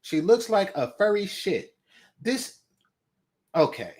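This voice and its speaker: Man from the Bay Area, reaction host; high, bouncy, mocking, profane. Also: big pitch swings, takes it slowly, darkish tone. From San Francisco Bay Area. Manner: laughing, mocking, swears often.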